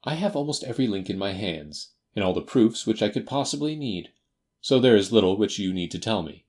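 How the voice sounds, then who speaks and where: A man voicing a confident, faintly teasing detective in a crisp, assured manner for an audiobook. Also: lowish voice, lively intonation, fairly quick, a little mellow, lightly acted. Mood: stern. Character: brisk, confident male detective. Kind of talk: audiobook character voice.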